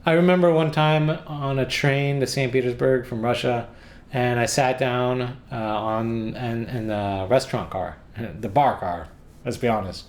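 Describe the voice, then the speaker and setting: A man's voice: mid-range voice, fairly even intonation, a little slow. An American man talking about his travel guidebook in a casual, rambling way, with sarcastic jokes and frequent restarts. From United States. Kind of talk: casual rambling vlog talk.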